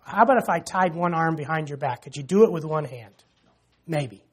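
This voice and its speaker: Husky-voiced man preaching conversationally. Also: a little high, lively intonation, brisk. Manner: conversational, jokes with the congregation, frequent "you know". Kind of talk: sermon. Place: church.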